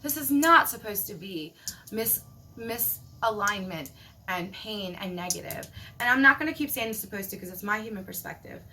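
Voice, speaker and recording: A woman giving a casual spiritual monologue, animated and emphatic, swearing casually. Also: mid-range voice, a little hiss or hum. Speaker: spiritual vlogger.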